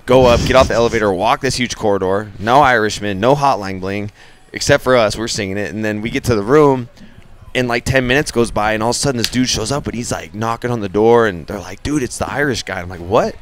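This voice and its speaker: A man's voice: lowish voice, quick pace. A man telling a story as a guest on a radio show, laid-back and full of fillers. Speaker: guest fighter. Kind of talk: casual storytelling.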